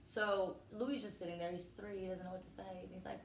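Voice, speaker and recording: Woman comic, profane storyteller, mid-pitched, recorded in an echoey room. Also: fast talker, gravelly. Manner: brash, profane, animated storytelling with acted quotes. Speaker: comedian guest. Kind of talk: casual storytelling chat. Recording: echoey room with faint noise.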